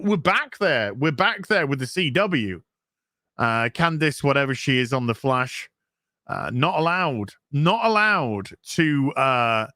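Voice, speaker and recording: A man's voice: a little high, dry recording, clean studio sound. A man hosting a casual live stream, chatting and reading out viewer donation messages. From England. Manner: animated, chatty, reads donor messages aloud.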